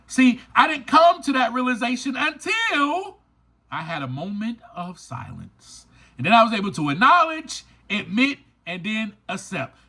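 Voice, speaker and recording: A man's voice: very high-pitched, huge pitch swings, measured pace, bright, forceful tone. A man hosting a recovery podcast, talking straight to his listeners in an emphatic, preachy way and repeating lines for stress. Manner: speaks straight to listeners, informal. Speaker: podcast host. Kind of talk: motivational recovery podcast monologue.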